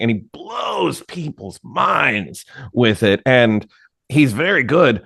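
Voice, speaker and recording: A man, a podcast guest, explaining things in a relaxed, matter-of-fact way during casual conversation. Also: mid-range voice, no echo, clean studio sound. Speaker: podcast guest, writer and improv teacher.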